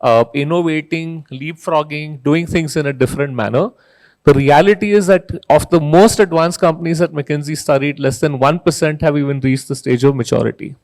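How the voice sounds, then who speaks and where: A man's voice: on the high side, moderate pace, a little mellow. A middle-aged man giving a conference keynote, talking in a conversational way and often tagging "right?" onto his points. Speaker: keynote speaker. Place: conference hall stage.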